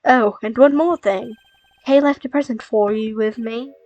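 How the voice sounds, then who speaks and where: A woman voicing a calm, composed male prosecutor who speaks in a measured, formal way. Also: a little high, no echo, lightly acted. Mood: stern. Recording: dull dry lo-fi recording.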